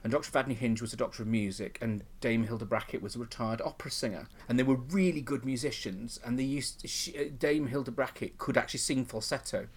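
A middle-aged man, a comedian, telling camp, animated anecdotes in casual chat. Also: mid-range voice, fast talker, few pauses, breathy edge. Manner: camp, animated storytelling, puts on old ladies' voices. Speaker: comedian and compere.

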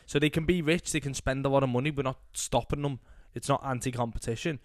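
A man's voice: mid-range voice, quick pace, no room sound. A man co-hosting a casual football podcast, dropping dry, sarcastic quips. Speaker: podcast co-host. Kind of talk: casual chat.

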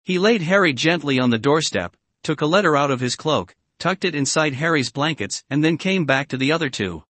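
A man reading a storybook aloud in a steady, expressive way, his voice sitting somewhat high for a man. The recording is dry and close, with no sense of a room. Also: dry recording. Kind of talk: audiobook-style story reading.

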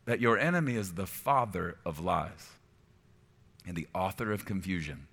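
A man preaching a sermon as pastor, moving from quiet, reflective stretches to loud, high-pitched exhortation. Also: expressive, moderate pace, vocal fry. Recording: long hall reverb.

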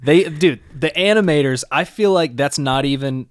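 A man's voice: on the high side, moderate pace, clean tone, no room sound, studio quality. A man co-hosting a casual podcast, reacting to anime scenes with slangy enthusiasm. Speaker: podcast co-host. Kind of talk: casual anime recap chat.

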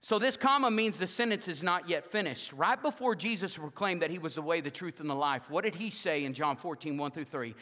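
A man preaches from the pulpit with a high, bright voice that rings through a large reverberant sanctuary. He rallies the congregation with loud exhortations, then drops to a near-hush for personal appeals. The long tail of the room hangs after each phrase. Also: fairly quick, hardly any pauses. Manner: rousing preacher, swings from loud exhortation to hushed intimacy. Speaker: pastor. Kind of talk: sermon. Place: church sanctuary.

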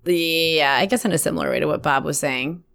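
A woman's voice: deep voice, brisk, gravelly, fairly bright tone. A woman chatting on a podcast, musing aloud in a tentative way. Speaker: podcast guest. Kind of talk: casual chat.

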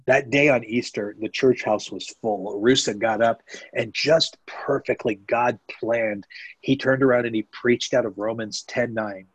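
Husky-voiced male missionary telling stories. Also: mid-range voice, fairly even intonation, a little slow, no room sound, rough recording. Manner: earnest, meandering, with frequent restarts. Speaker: missionary guest. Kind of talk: storytelling in a podcast interview.

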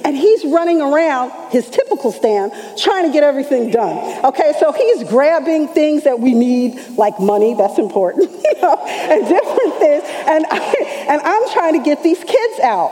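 Middle-aged woman preaching a testimony, high lively voice, mellow tone, big hall echo. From New York. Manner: animated storytelling, acts out quoted lines. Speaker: church elder. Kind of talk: testimony sermon.

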